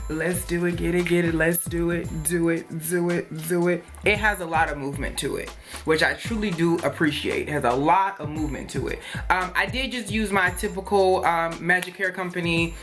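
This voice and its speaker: Bright, chatty woman vlogger. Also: fairly low pitch. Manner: chatty and rambling, with many fillers and asides; playful, jokes and laughs. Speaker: hair review vlogger. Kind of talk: casual product review chat. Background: faint music.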